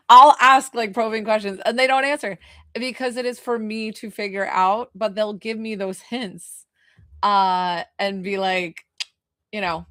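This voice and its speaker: A woman who works as a medium, chatting casually on a livestream and answering her viewers' questions in a lively way. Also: mid-range voice, a little slow, dry recording, clean studio sound. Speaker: medium doing live readings.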